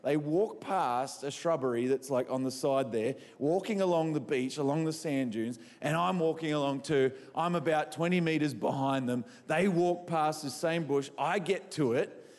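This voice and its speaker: Animated Australian preacher in an echoey hall. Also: male voice, on the high side, normal speed. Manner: animated, quizzes the crowd, self-mocking. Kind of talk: humorous sermon storytelling.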